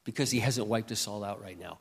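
An older man preaching a sermon with impassioned delivery, dropping to a hush and rising to loud peaks. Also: fairly low pitch, fairly quick, breathy edge. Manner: impassioned, swings from hushed to loud. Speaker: pastor. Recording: long reverb of a hall.

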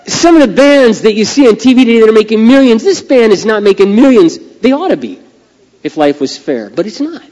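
A middle-aged man preaching a sermon with animated, folksy storytelling. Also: high voice, a little fast. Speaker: pastor. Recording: long hall reverb.

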